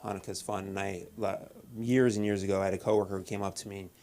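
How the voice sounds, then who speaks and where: A man doing a deadpan stand-up set at an open mic, halting with many restarts and fillers. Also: sits low. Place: comedy club stage.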